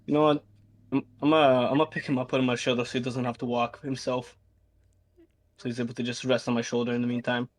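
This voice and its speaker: A man's voice: mid-range voice, flat delivery, fast. A man playing a tabletop game, talking casually with frequent laughs and stammered restarts. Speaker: player.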